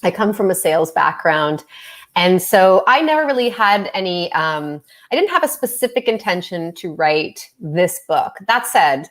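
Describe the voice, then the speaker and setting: A woman's voice: on the low side, very animated, moderate pace. A Canadian woman, a business coach and author, chatting in a bubbly way as a podcast guest. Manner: bubbly, laughs often, chatty. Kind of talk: casual interview chat.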